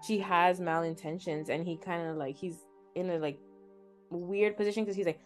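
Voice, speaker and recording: A young woman chats her way through a story in a relaxed podcast style. She leans on lots of filler words, and her voice sits a little low. Faint music plays behind her. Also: normal speed. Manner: chatty, filler-heavy retelling. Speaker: podcast co-host. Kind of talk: casual storytelling.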